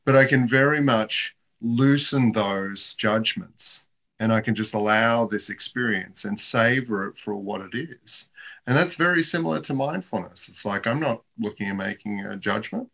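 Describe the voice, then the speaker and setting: Host, male, low gravelly voice, thoughtful reflective chat. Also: moderate pace, fairly bright tone. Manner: thoughtful, musing. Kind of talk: reflective casual conversation.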